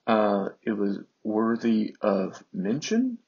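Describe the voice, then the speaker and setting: A man teaching ancient Greek in an unhurried way, often pausing with fillers. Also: on the low side, very animated, a little mellow, dull audio. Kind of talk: slow explanatory lesson.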